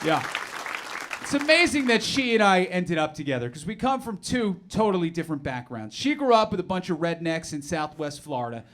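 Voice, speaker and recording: A middle-aged man with a fairly high voice performs stand-up on a club stage. He talks in a sarcastic, animated way full of mock-outraged asides. The live recording carries clear audience noise behind him. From New Jersey. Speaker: stand-up comedian. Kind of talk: stand-up comedy set.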